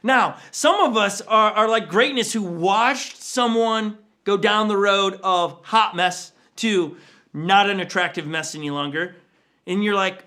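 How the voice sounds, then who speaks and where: A man's voice: sits high, measured pace, bright, forceful tone. A man in his forties, a pastor, telling stories in a conversational online sermon and acting out family quotes with big jumps in voice. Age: 40s. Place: church livestream.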